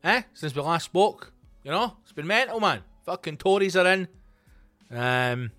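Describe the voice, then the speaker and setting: A middle-aged Scottish man and comedy podcast host, ranting in a loose, sweary, animated monologue. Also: on the high side, unhurried, dry recording, faint music behind. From Scotland.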